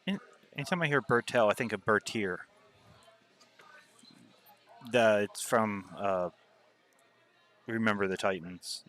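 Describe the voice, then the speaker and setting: A man's voice: on the low side, slow, pauses often, a bit bright. A man doing casual live commentary on a pool match, joking around and laughing often.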